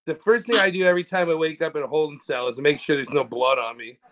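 A man's voice: a little high, quick pace, a bit bright, lo-fi sound. A man telling rambling, profane stories in a casual podcast chat. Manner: rambling and profane, with frequent restarts. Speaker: podcast co-host.

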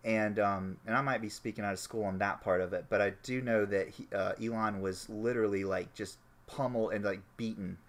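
A man hosting a casual chat, rambling through a story, swearing freely and getting animated when he makes a point. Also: fairly low pitch, fairly quick, hardly any pauses.

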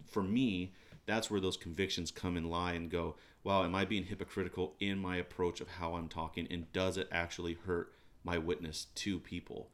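A man with a very low voice chats on a casual faith podcast. He thinks aloud earnestly and circles back with many restarts. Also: level tone, normal speed. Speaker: podcast co-host.

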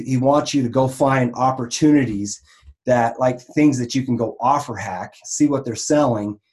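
A man's voice: mid-range voice, darkish tone. A man who works in online marketing for a raw vegan health business gives a casual, rambling teaching talk, full of restarts and fillers.

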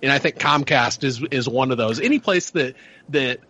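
A man's voice: mid-range voice, animated, moderate pace, bright, forceful tone, husky, dull audio. A man co-hosting a podcast, blunt and swearing as he gives advice in casual chat.

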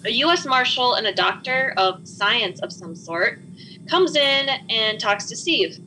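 A woman's voice: a little high, lively intonation, a little slow, pushed and bright, a little hiss or hum, poor audio. A woman hosting a podcast, chattily recapping a film and swearing freely. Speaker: podcast host. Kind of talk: casual movie recap chat.

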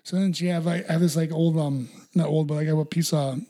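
Fast, higher-pitched young podcast host, loose rambling storyteller. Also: male voice, fairly even intonation, mellow. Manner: rambling storyteller, heavy on "dude" and "like". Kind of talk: casual podcast chat.

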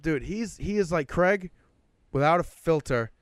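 A young man on a podcast, telling stories in an animated way and swearing often. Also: a little high, measured pace, clean tone, no echo, studio quality. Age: young adult. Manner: animated storytelling, swears a lot. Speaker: podcast guest. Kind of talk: casual chat. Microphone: podcast mic.

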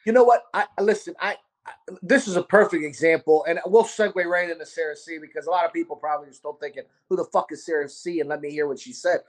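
Man with a baltimore accent, podcast host, animated, swears a lot, acts out quotes. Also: on the high side, quick pace. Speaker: podcast host, restaurant owner. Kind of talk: casual storytelling chat.

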